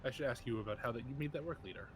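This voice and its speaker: A man's voice: mid-range voice, racing, faint music behind. A man co-playing a game, chatting casually with brief, dry remarks. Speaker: co-player. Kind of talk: casual gameplay chat.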